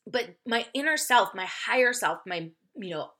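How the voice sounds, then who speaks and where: Woman podcast host, bright sharp voice, chatty and candid, swears a lot, laughs mid-sentence. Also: a little high, expressive, moderate pace. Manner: chatty, speaks straight to listeners. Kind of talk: casual confessional storytelling.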